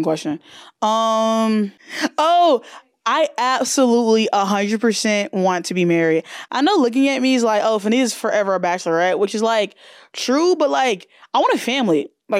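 A woman's voice: fairly high pitch, clear, resonant tone, no echo. Brash foul-mouthed woman podcaster. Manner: brash, profane, animated. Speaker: podcast host. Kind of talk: casual solo podcast chat.

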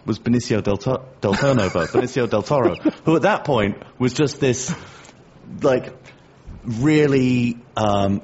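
A middle-aged English man co-hosting a podcast, telling a story in a lively, self-mocking way. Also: medium pitch, slightly rough. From England. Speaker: podcast co-host. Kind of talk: casual chat. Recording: dull lo-fi podcast audio.

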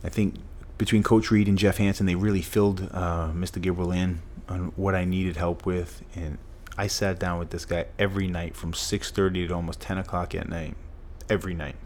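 Brief: middle-aged man, very low voice, earnest storyteller, faint hiss behind. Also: flat delivery, moderate pace, few pauses, a little mellow. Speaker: guest. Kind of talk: storytelling in a podcast interview.

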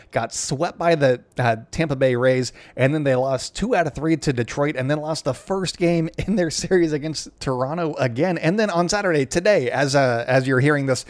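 A man's voice: mid-range voice, brisk, few pauses, dry recording. A young man hosting a sports podcast, chatting casually and sarcastically with lots of fillers. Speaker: podcast host.

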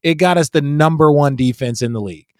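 A man hosting a casual sports chat, talking in an animated, emphatic way and swearing freely. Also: a little high, a little fast, no echo, studio quality.

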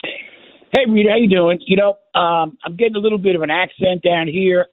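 A man's voice: high voice, normal speed, no echo. A man calling in to a radio show, chatty and rambling, with plenty of fillers. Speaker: caller. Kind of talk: call-in radio chat. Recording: tinny phone line.

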